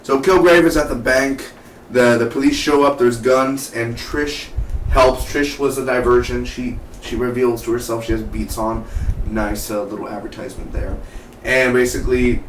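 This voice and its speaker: A man giving a casual, excitable spoken review of a TV episode, chatty and full of "man" and "dude". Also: mid-range voice, moderate pace. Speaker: TV show reviewer. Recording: echoey room, mic at a distance, faint background hum.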